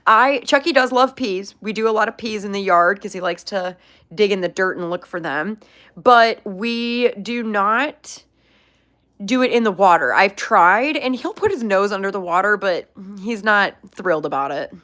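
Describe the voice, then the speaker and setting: A woman's voice: mid-range voice, animated, normal speed, a bit bright. A young woman chatting casually about her pet, answering viewer questions with lots of filler words. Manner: chatty, upbeat, many "like" fillers. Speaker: pet pig owner, channel host.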